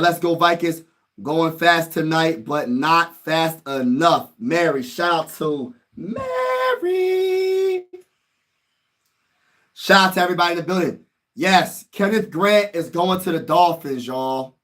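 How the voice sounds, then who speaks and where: Livestream host, male, high-pitched voice, slangy and excitable; mutters low between loud outbursts. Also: unhurried. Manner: slangy, talks straight to chat. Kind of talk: casual live-stream reaction commentary.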